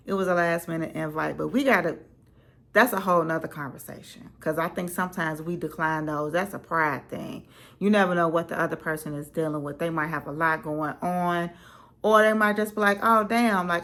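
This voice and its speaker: A young woman vlogging from home on a slow morning, chatting casually with relaxed, slangy asides. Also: low-pitched, creaky. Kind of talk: casual chat.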